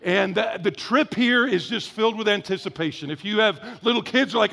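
A man with a high, gravelly voice preaches a sermon in a lively, conversational style, acting out little asides. He speaks briskly with few pauses, and the long reverb of a large hall rings around him.

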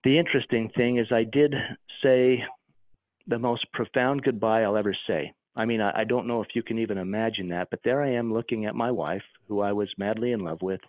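A man recounting a deeply personal experience as an interview guest, earnest and halting, often restarting his sentences. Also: steady tone, no echo. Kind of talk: emotional personal account. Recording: tinny phone line.

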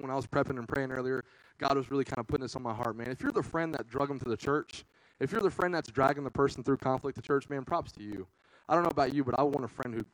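A man's voice: mid-range voice, no echo, low-quality recording. A young man preaching a casual, earnest youth sermon, peppering his talk with "man".

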